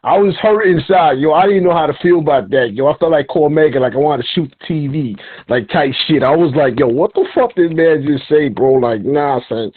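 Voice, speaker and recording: A man's voice: on the high side, a little fast, few pauses, slightly rough. A man from New York with a New York accent, telling stories in emphatic, profane slang while hosting a casual hip hop interview. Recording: tinny, phone-like line.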